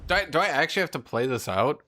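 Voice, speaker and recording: A man's voice: a little high, animated, quick pace, sharp tone. A young man streaming a strategy game, chatting to his viewers with wry remarks and sudden exclamations. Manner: talks to chat, wry, exclaims and trails off. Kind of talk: casual gameplay commentary.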